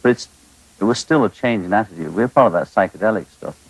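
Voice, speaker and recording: A man's voice: on the low side, quick pace, gravelly, husky, dry recording, poor audio. A man from England with a Liverpool accent, a musician guest chatting casually on a TV talk show set, wry and offhand. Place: TV studio set.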